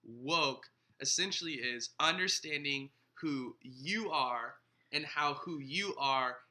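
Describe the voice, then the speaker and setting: Bright-voiced earnest young pastor. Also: male voice, medium pitch, slow. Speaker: pastor and co-host. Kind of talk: casual conversational explanation.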